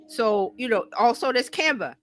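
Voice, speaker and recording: A middle-aged woman marketing coach giving a lively workshop presentation, talking breezily and filling gaps with a playful "da, da, da.". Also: a little high, moderate pace.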